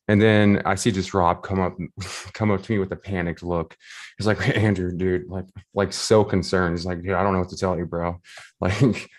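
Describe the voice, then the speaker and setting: A man with a very low, deep voice tells a loose, rambling story. He laughs through it and leans on plenty of fillers. He sounds like a volunteer recapping a race day. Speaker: race volunteer and shuttle driver.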